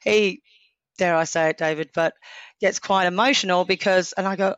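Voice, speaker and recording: A woman in her forties from Australia talks as a podcast guest in a slightly low voice. She tells her stories with lively energy and acts out what people said. The sound is dry and close. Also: a little fast, no room sound, lo-fi sound. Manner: lively storyteller, acts out quotes. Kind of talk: casual interview chat.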